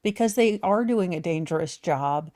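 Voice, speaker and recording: A female co-host speaking casually on a live stream, laying out opinions in long, rambling sentences. Her voice sits a little low. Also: animated, normal speed, warm tone.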